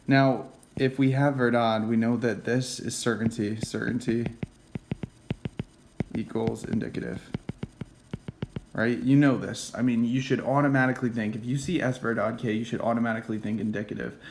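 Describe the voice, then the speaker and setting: A man giving a casual classroom lecture, often checking in with "okay?" and "right?" and dropping into quiet whispered asides. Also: mid-range voice, steady tone, normal speed, noisy background. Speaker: teacher.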